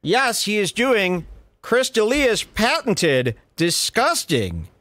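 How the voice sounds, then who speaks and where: A man talks through comedy clips with biting sarcasm, his pitch swinging up and down as he mocks them. The sound is dry and close. He sounds like a podcast host making fun of what he plays. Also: huge pitch swings, takes it slowly, a bit bright, no room sound. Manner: sarcastic, mocking. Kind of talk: casual commentary.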